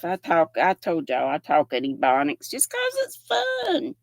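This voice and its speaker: Chatty older woman host, gravelly. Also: low voice, wildly swooping pitch, unhurried, few pauses, dry recording, clean studio sound. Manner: chatty, reads viewer comments aloud with affectionate greetings. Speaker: livestream host. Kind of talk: casual chat while showing yarn.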